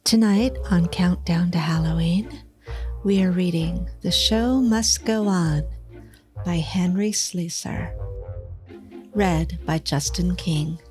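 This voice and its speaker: A woman introducing a horror reading in a slow, hushed, eerie whisper. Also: lowish voice, soft background music.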